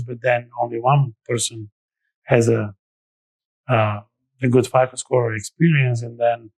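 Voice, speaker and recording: A man's voice: mid-range voice, little pitch movement, measured pace, no room sound, rough recording. Dry-sounding man explaining loans. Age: middle-aged. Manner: explains step by step with frequent restarts. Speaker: lending expert guest. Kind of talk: conversational podcast interview.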